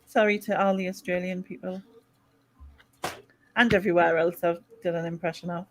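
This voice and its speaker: A woman hosting a casual chat with friends, chatty and quick to laugh at herself. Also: on the low side, fairly even intonation, low-quality recording. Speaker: host.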